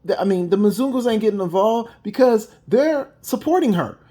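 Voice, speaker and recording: A man's voice: high voice, lively intonation, normal speed, mellow. A man giving emphatic reaction commentary, repeating his points and adding mocking asides. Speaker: video commentator.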